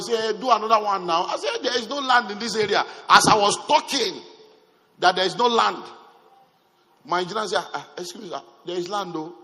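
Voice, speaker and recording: A man's voice: mid-range voice, a bit bright, long reverb tail, poor audio. A man with a Nigerian English accent, a pastor preaching to his congregation, telling stories and acting out dialogue with bursts of emphasis.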